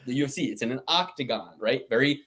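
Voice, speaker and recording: A man's voice: mid-range voice, fast, a bit bright. Rambling, swearing podcast co-host man. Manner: rambling, swearing, conspiratorial rants. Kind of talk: casual chat.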